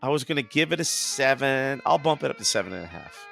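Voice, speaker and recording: A man's voice: mid-range voice, expressive, fast, vocal fry, a bit bright, faint music behind. A man joining a casual podcast chat as a guest, laughing often and repeating words as he talks.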